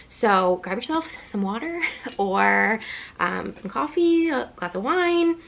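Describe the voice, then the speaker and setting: Breathless, chatty woman vlogger with vocal fry. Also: mid-range voice. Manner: chatty and excited. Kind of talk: casual chat to camera.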